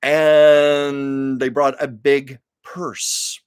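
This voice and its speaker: A man's voice: mid-range voice, little pitch movement, drawn-out words, smooth, dry recording, clean studio sound. An older man hosting a live stream, chatting with viewers and telling stories in a casual, laughing way. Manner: chatty storytelling, laughs often. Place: Los Angeles.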